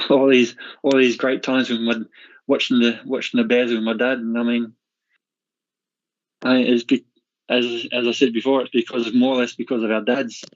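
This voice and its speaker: A man calling in to a radio phone-in, reminiscing in a rambling way with many restarts over dull lo-fi audio. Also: medium pitch. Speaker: caller. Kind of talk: casual chat.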